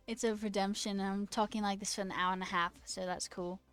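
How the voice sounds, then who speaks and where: A woman's voice: mid-range voice, steady tone, moderate pace, long pauses, fairly bright tone, clear, resonant tone, faint music behind. A woman streaming casually, reading her chat aloud and chatting back, laughing often. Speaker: livestreamer and new software engineer.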